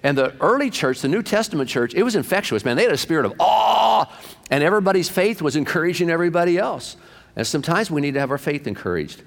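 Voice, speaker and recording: A male pastor preaching a sermon through lively anecdotes, acting out the people in his stories. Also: on the high side, fast talker, big-room sound. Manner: animated anecdotes, acted-out quotes. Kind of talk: sermon storytelling.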